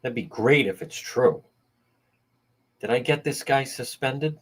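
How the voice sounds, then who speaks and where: A man's voice: mid-range voice, a little slow, breathy edge. A man hosting a livestream, talking heatedly and indignantly to his viewers and greeting them by name. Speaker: livestream host.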